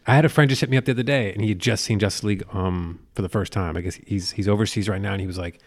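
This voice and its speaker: A man in his thirties co-hosting a casual chat, profane and animated as he tells stories. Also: on the low side, racing, few pauses.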